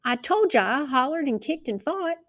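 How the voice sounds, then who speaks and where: Woman playing a defiant young woman witness, high and stumbling, rough plain grammar, storybook reading. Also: sing-song, moderate pace, fairly bright tone.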